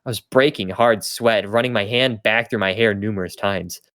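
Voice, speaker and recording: A man's voice: on the low side, normal speed, a bit bright, dry recording, studio quality. A young man hosting a podcast, reading fanfiction aloud for comedy, stumbling and correcting himself with laughing asides. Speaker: podcast host and reader.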